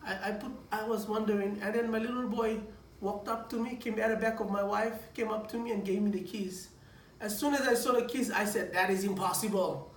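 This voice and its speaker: A man, a preacher, giving a personal testimony in a lively storytelling manner, stumbling over restarts and repeating words as he goes. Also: high voice, brisk. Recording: echoey room, distant mic, faint noise.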